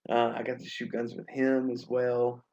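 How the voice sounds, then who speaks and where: In a relaxed webinar, a young Alabama man who teaches English spins stories in a friendly, talkative way, packed with fillers. He speaks in a medium-pitched monotone at a moderate pace, with a darkish tone and lo-fi audio.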